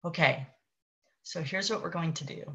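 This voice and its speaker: A woman speaking as a parenting coach on a live stream, earnest and encouraging, slowing to soothing affirmations. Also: low-pitched, vocal fry, fairly bright tone, muffled recording. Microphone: webcam or phone for a live stream.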